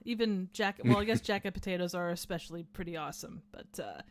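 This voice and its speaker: A woman's voice: fairly low pitch, animated, quick pace. A woman with a Midwestern American accent hosting a livestream, reading chat messages in a chatty, giggly way. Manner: giggly, laughs often, chatty. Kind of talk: casual chat.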